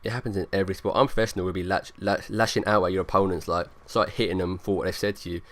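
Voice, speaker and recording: A man's voice: low voice, fairly even intonation, very fast. A young man rambling through casual gameplay commentary, leaning on lots of fillers. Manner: rambling, filler-heavy, talks over gameplay. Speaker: gaming YouTuber.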